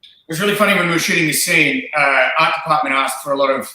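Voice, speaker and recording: A man's voice: fairly high pitch, fast. A man, an actor chatting casually and laughing as he tells stories. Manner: relaxed, chatty, laughs while telling stories. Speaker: actor in the film. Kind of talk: casual video-call chat. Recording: very echoey room.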